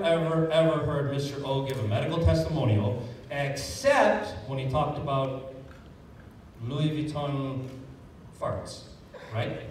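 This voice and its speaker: A man giving a sales training talk to an audience, energetic and jokey, recorded from a distance in a large echoey hall. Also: medium pitch. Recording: echoey hall, distant mic, faint room noise.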